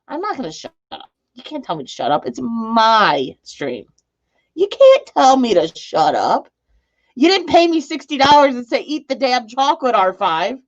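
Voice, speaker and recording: A woman's voice: fairly high pitch, wildly swooping pitch, moderate pace, highs cut off. A woman live-streaming, chatting casually with her viewers and rambling and laughing between thoughts. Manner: rambling, joking, laughs often. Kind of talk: casual live-stream chat reading comments.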